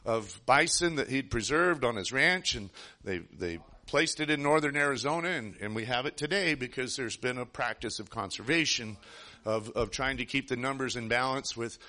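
Bright-voiced man preaching through a story. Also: medium pitch, normal speed. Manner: earnest, rambling, with frequent restarts. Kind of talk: sermon storytelling.

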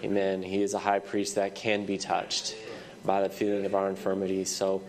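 A man with a somewhat low voice preaches a church sermon, his head audibly congested. He punctuates almost every phrase with amen and often restarts his sentences before pressing on. He speaks into a microphone in the sanctuary. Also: monotone, normal speed, darkish tone.

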